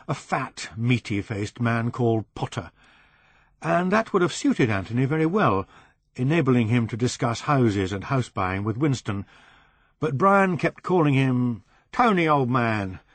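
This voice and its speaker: A man narrating a novel as an audiobook reader, in a measured way that slows on descriptive phrases. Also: mid-range voice, breathy edge, no room sound.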